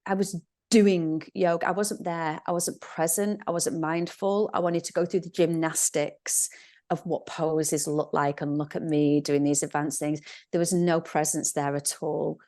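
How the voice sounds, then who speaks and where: A woman's voice: sits low, steady tone, measured pace, warm tone. A middle-aged woman, a podcast guest who teaches yoga, telling stories animatedly and acting out inner voices. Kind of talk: conversational podcast interview.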